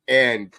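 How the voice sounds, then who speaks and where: A man's voice: sharp tone, no room sound. A man co-hosting a podcast in casual chat, blunt and joking, swearing often. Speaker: podcast co-host.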